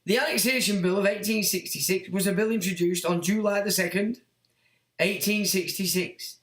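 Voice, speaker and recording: A man's voice: high voice, moderate pace, a bit bright. A middle-aged man hosting a livestream, reading out chat comments and ranting in a blunt, crude, mocking way with plenty of swearing. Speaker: livestream host. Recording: echoey room.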